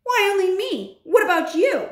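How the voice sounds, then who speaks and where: A woman reads aloud as a loudmouthed, spoiled boy, pitched high and shouting his indignation. The voice swoops up and down. It sounds roomy and echoey. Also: huge pitch swings, measured pace, recorded from a distance, heavily acted. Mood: shouting indignantly. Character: greedy, loudmouthed rich boy turned mouse. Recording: roomy echo.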